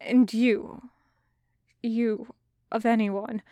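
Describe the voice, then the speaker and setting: A woman voicing a gentle, guilt-ridden male alien captor in a hushed, quiet voice for an audio story. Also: a little high, steady tone, very slow, no echo, clean studio sound. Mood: ashamed. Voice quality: soft, hushed. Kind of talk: podfic voice acting.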